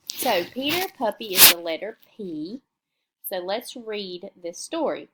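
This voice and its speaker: A woman teaching young children remotely, slowly sounding out words in a patient, sing-song way and answering her own questions. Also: medium pitch, big pitch swings, bright, forceful tone.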